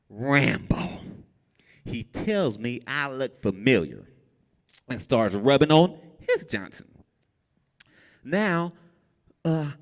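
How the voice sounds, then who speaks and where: A man tells a comic story on stage, animated and swinging his pitch widely as he quotes people. His voice sits mid-range and rings with a long reverb in a brewery event space. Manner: animated, jumps high for quoted lines. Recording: long reverb in a live venue.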